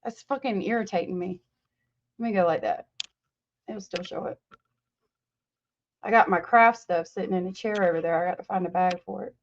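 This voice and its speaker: A woman's voice: fairly low pitch, moderate pace, long pauses, dull audio, slight background noise. A woman hosting a livestream, chatting casually and gushing as she greets viewers by name. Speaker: livestream host. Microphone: webcam mic.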